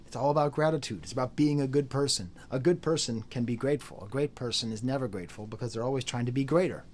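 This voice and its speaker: A young adult man giving a casual, jokey album review, animated and quick to laugh and mimic. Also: medium pitch, a little hiss or hum. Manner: sings and beatboxes drum patterns. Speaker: music reviewer.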